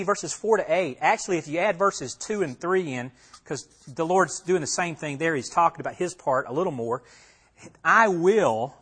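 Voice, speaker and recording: A man's voice: fairly high pitch, fairly bright tone, slightly rough. A man teaching a Bible passage as a pastor, conversational, asking his listeners questions and repeating himself as he talks it through. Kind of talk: expository sermon.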